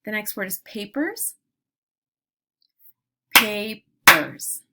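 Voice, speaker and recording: Woman teacher doing phonics drills, super slow, bright clear voice, stretches out each word. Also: lowish voice, expressive. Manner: slow, deliberate, drawn-out word modeling. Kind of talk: phonics lesson for young children.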